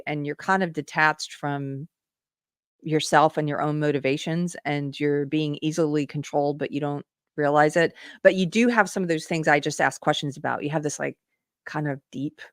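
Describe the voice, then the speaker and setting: A woman's voice: low voice, no room sound, clean studio sound. A middle-aged woman hosting a live commentary stream, earnestly putting rhetorical questions to her viewers. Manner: reads viewer comments aloud. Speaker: political commentary host.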